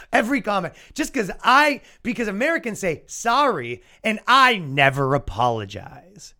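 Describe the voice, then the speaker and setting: A young Canadian man hosts his own comedy podcast with a sarcastic, swearing rant. His fairly high voice swings widely in pitch as he mocks opposing views. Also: measured pace. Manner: animated, sarcastic, swearing, mock-quoting opponents. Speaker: podcast host.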